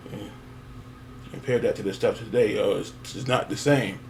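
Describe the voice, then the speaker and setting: A man's voice: lowish voice, steady tone, moderate pace, creaky, a little mellow, slight background noise. A man rambling casually to his viewers, with many fillers and chuckles. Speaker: wrestling fan vlogger. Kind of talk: casual nostalgic monologue.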